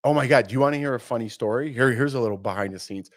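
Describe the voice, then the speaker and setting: A man's voice: medium pitch, rapid-fire, no room sound, clean studio sound. A man in his forties co-hosting a podcast in casual chat, telling stories animatedly and acting out quoted voices. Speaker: podcast co-host.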